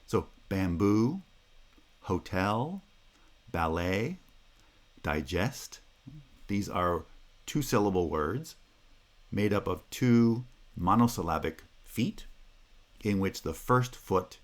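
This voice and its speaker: A North American man delivers a university lecture in a low, steady voice. He explains patiently, working through examples one by one and pausing with an occasional "uh.". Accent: North American English. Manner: measured, explanatory, pauses with "uh". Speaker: linguistics lecturer.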